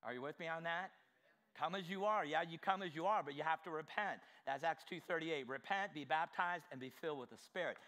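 A male pastor preaches a fervent sermon in a voice pitched high for a man, bright with a forceful edge. Speaking fairly quickly, he fires direct questions at the congregation and swings from quiet asides to shouted exclamations.

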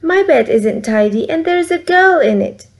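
A woman with a Vietnamese accent voicing a small, friendly bear cub in a high, chirpy voice. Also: lively intonation, normal speed, darkish tone. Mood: curious.

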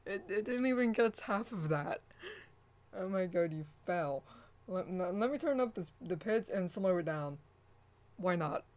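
A woman's voice: on the low side, lively intonation, measured pace, darkish tone. A woman hosting her own channel, chatting casually, laughing often and restarting her sentences. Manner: laughing, rambling, with repeated restarts. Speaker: channel host. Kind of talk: casual vlog chat.

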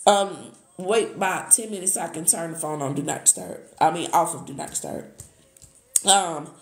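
A woman doing a live tarot reading, excitable, gasping and thanking viewers as she goes. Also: on the low side, moderate pace, gravelly. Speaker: tarot reader. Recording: echoey room.

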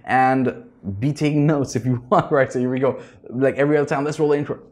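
A young man with an Indian English accent, coaching singing in a reaction video, energetic and always checking in with "right?". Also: medium pitch, quick pace, over loud music. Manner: energetic, ends phrases with "right?"; restarts and repeats words often. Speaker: vocal coach.

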